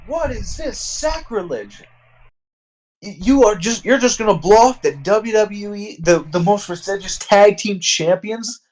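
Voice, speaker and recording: A man doing a shrill preachy wrestler. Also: animated, a little mellow. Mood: outraged. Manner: shrill, drawn-out exclamations. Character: loud preachy male wrestler, excitable.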